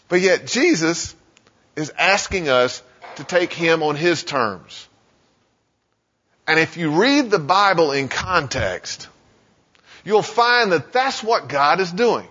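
Male pastor, conversational sermon, lively pitch, slightly high voice, reverberant hall. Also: slow pace, pauses often, husky. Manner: animated, conversational, frequent "you know" fillers, puts on quoted voices. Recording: muffled sound with long hall reverb.

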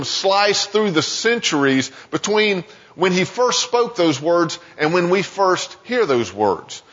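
A man's voice: a little high, a bit bright, breathy edge. A man preaching a sermon as pastor, reading scripture and then acting out his listeners' doubting questions. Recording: dull sound with long hall reverb.

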